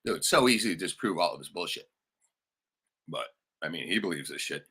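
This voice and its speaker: Profane ranting man, bright low voice. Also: lively intonation, a little fast, slightly rough. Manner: profane, heated, laughing asides. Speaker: livestream host. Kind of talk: ranting livestream monologue.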